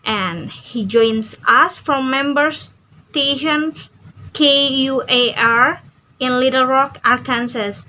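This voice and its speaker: Young woman reading a transcript slow and careful, high bright voice, trips on a word here and there. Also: low-quality recording. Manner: careful reading with small slips and restarts. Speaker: student. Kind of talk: reading an interview transcript aloud.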